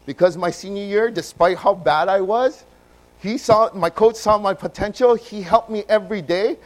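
Man preaching through a personal story, slightly high voice, animated and dynamic. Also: moderate pace, low-quality recording. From Hawaii. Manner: animated, swings from loud bursts to hushed low passages.

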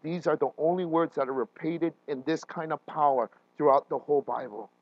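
Male pastor, higher voice, animated sermon delivery with restarts, lo-fi recording. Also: fairly quick, no echo. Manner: animated, often checks in with listeners with "right?"; frequent restarts and fillers.

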